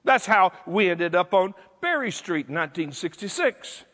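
A man's voice: high-pitched, very animated, normal speed, a bit bright, in a large hall. Emphatic older male pastor preaching. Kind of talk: sermon.

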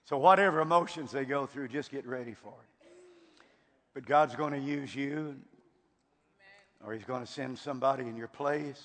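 A man's voice: medium pitch, normal speed, pauses often, a bit bright. An older man from Texas with a Texan accent, preaching a fervent sermon and often repeating his words. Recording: long hall reverb.

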